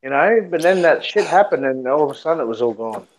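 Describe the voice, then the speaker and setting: Profane Australian man, lively pitch. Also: fast, poor audio. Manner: profane and blunt. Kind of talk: casual chat.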